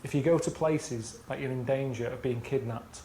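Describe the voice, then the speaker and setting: A man, grumbling in deadpan comedy chat. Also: mid-range voice, normal speed, echoey room, a little hiss or hum. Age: 30s. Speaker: guest on a comedy commentary.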